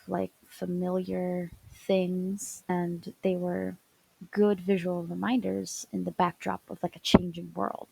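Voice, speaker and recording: Young female student narrator, low-pitched, halting, stuttery delivery, slips into whispers. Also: creaky, husky, low-quality recording. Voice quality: stutters often, many fillers and restarts. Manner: soft, often dropping to a whisper. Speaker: student storyteller. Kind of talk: personal story narration over animatic.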